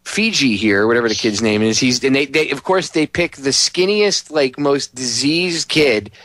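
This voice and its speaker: A man's voice: medium pitch, animated, moderate pace, fairly bright tone, no echo. A man hosting a talk radio show, ranting in casual, profane banter and mimicking other people's voices. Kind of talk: casual podcast chat.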